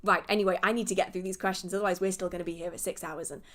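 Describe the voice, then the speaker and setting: A woman's voice: lowish voice, steady tone, very fast, a bit bright. A young woman from England with a southern English accent, hosting a live witchcraft Q&A stream and answering viewer questions in a chatty, rambling way. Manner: chatty, rambling, goes off on tangents. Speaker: witchcraft Q&A livestream host. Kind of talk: casual livestream chat answering viewer questions.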